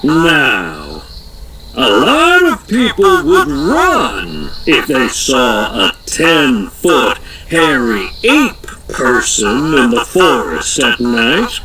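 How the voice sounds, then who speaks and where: A man reading a children's storybook aloud in a slow, playful, expressive way. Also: medium pitch, a little hiss or hum, low-quality recording. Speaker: audiobook narrator.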